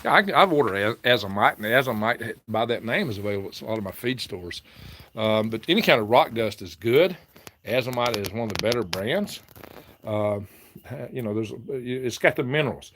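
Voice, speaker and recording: A man's voice: lowish voice, lively intonation, fairly quick, a bit bright, slight background noise. A man hosting a casual live stream, reading viewer comments aloud, chatting and laughing often. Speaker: livestream host reading chat.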